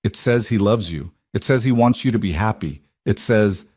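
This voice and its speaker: A gentle but firm grieving father, as a male narrator voices him, measured and careful with every word. The voice is low and close, with a dry sound. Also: lively intonation, dry recording.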